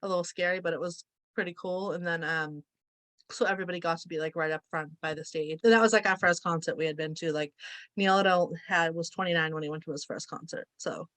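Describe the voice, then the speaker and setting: A woman's voice: on the low side, steady tone, fast talker, fairly bright tone, no room sound. A woman with a Boston accent co-hosting a podcast, chatting casually. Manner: chatty, fillers like "like". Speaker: podcast co-host. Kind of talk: casual chat.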